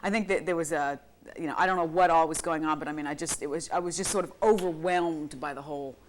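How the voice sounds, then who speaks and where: Animated woman telling stories on live TV. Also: low voice, fast. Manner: animated storyteller, laughs through her words. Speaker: TV reporter guest. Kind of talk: anecdotal live TV chat. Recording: faint clicks and noise, 1990s broadcast tape.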